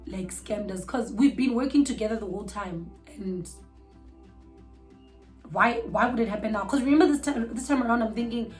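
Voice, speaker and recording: A young South African woman telling a storytime vlog with animated, outraged bursts. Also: mid-range voice, poor audio. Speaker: vlogger.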